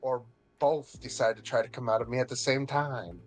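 A man's voice: medium pitch, fairly even intonation, moderate pace. A man talking casually in a dry, matter-of-fact way. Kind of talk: casual chat.

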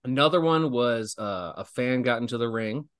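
A man's voice: medium pitch, normal speed, clear, resonant tone. A man in his thirties, a wrestling guest, telling stories casually with lots of laughs and acted-out quotes. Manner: animated, laughing storyteller who acts out quotes. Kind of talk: casual storytelling.

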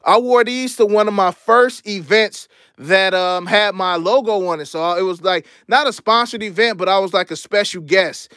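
A young man hosting a casual livestream, chatting in slang about his collection and shouting out viewers who donate. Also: sits high, normal speed, hardly any pauses, no echo, studio quality. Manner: laid-back slangy chatter, shouting out donors. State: out of breath. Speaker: sneaker channel host. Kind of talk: casual livestream show-and-tell.

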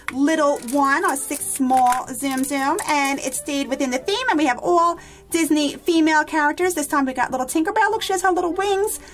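A woman's voice: sits high, fairly bright tone. A woman hosting a toy unboxing vlog, gushing with enthusiasm and talking to her viewers as guys. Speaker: toy unboxing channel host.

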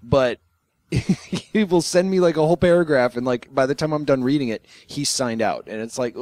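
A man's voice: mid-range voice, normal speed, dry recording. A man co-hosting a casual podcast chat, telling rambling stories and acting out little exchanges. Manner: rambling, animated storytelling with laughs. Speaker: podcast co-host.

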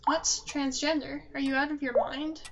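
Stern disapproving mother, read by a woman; high voice, incredulous and scolding, dull lo-fi audio. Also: level tone, normal speed, noisy background. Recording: slightly dull lo-fi recording.

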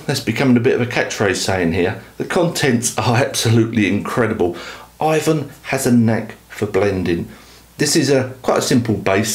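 A man hosting a product review channel, talking to camera in a rambling, enthusiastic, self-deprecating way. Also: mid-range voice. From United Kingdom. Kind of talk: casual talk to camera. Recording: echoey room.

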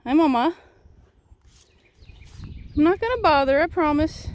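Woman baby-talking to calves outside, high voice, bouncy swoopy pitch. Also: expressive, unhurried, pauses often. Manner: sing-song baby talk to animals. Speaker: farm vlogger. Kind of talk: cooing to newborn calves. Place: outdoors on a farm.

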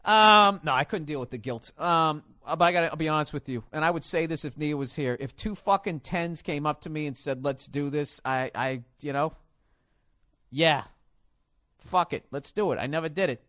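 Man, podcast host, profane comic rant, slightly high voice, dry close sound. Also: a little fast, no room sound. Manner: profane, animated storytelling.

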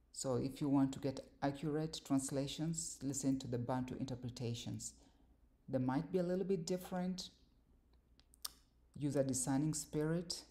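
A woman hosting her own channel, teaching word meanings in a slow, deliberate monologue. She spells sounds out syllable by syllable, repeats phrases and uses fillers like "um" and "like.". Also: rumbling low, warm tone.

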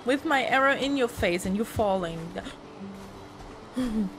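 A woman's voice: on the high side, lively intonation, measured pace. A woman giving live, panicky let's-play commentary, swearing, laughing and pleading with an enemy in the game. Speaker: gaming YouTuber. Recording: game music playing behind the voice.

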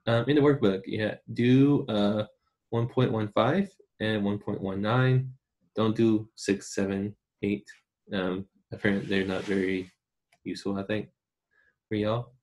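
A man's voice: on the low side, fairly even intonation, measured pace, darkish tone. A man giving a casual, chatty recorded online Spanish lesson and talking straight to his students. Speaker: Spanish teacher.

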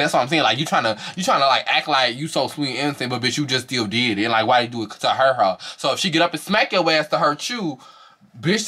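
A man talks fast through a profane reality-show review. His voice is bright and forceful, and he slips into high-pitched impressions when quoting the cast. The delivery is animated and slangy throughout. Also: husky. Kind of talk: casual profane commentary.

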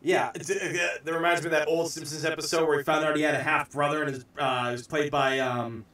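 A man from the United States hosting a casual podcast chat, excitable, swearing freely and shouting out bits of impressions. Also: a little high, fast talker, heavy reverb, recorded from a distance. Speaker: podcast host.

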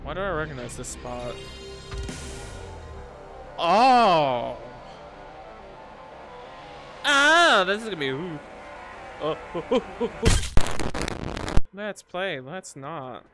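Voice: medium pitch, sing-song, extremely slow, long pauses. A live streamer talking through a horror game on a headset mic, swearing freely and shrieking when startled. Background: game music.

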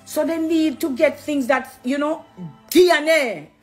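A middle-aged woman with a Jamaican accent, talking to camera in an animated, preachy, affectionate way, slipping into patois. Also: high voice, unhurried, faint music behind. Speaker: dancehall artist. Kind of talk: casual direct-to-camera talk.

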